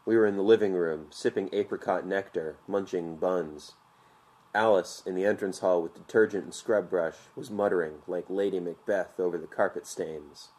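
A man narrating an audiobook in a measured, vivid storytelling manner. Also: low-pitched, fairly even intonation, darkish tone.

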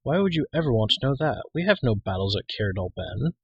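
A man's voice: mid-range voice, big pitch swings, brisk, muffled recording, slight background noise. A man voicing a stout, bald older blacksmith who teases his apprentice dryly. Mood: teasing. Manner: dry, teasing.

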